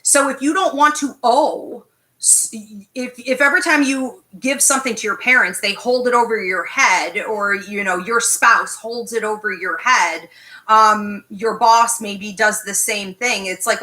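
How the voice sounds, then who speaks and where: Emphatic, bright-voiced woman teaching. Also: a little high, moderate pace, poor audio. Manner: direct, emphatic, frequent "okay?" check-ins. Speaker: psychic medium teaching an online class. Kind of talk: live online class talk.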